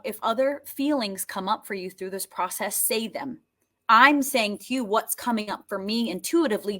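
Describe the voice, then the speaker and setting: A woman guiding a tapping and healing session, talking slowly and emotively with many sighs, and coaxing listeners to repeat her phrases. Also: on the high side, a bit bright. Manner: slow, breathy, emotive, with frequent sighs.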